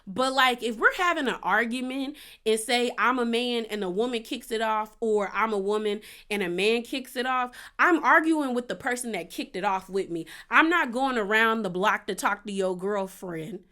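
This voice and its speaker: A woman's voice: a little high, moderate pace, few pauses, bright, forceful tone. A woman recapping a reality show in casual, opinionated commentary. She acts out the cast's quotes as she goes.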